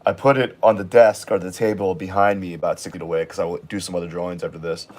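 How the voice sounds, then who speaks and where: A man under the weather, his voice raspy and pitched a little low. He talks in a loose, halting ramble full of ums and restarts, chatting casually as he gets ready to draw. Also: little pitch movement, a little mellow. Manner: rambling, halting, with many fillers. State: sick, raspy voice. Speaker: art vlogger. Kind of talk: casual chat while drawing.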